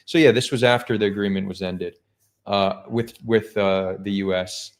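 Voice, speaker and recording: A man's voice: fairly low pitch, steady tone, normal speed. A man hosting a live stream, talking casually and skeptically, thinking aloud with frequent restarts. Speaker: streamer host.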